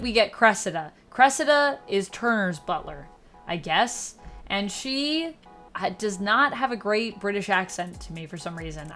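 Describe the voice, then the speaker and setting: A woman giving a casual spoken review of a TV episode, chatty and sarcastic, her voice jumping up and down in pitch and loudness. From Canada. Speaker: TV show reviewer.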